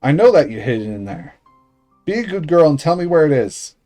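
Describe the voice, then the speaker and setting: A man voicing a brutal, foul-mouthed adult man in a game read-aloud, bullying and profane, pushed higher than his own voice. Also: very animated, fairly quick, warm tone, soft background music. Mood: menacing.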